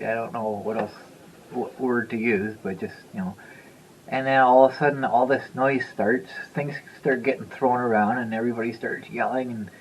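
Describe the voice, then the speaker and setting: A man's voice: medium pitch, slight background noise, poor audio. A man in his fifties telling a story to the camera in a loose, rambling way, chuckling and repeating himself. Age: 50s. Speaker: vlogger. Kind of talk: casual storytelling.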